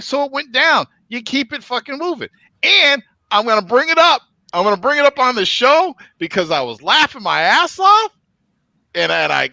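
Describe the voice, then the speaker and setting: A man hosts a casual podcast and tells his story with plenty of cursing and animation. His voice sits high and bright. The sound is close and dry, with no room around it. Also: dry recording, rough recording. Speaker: podcast host.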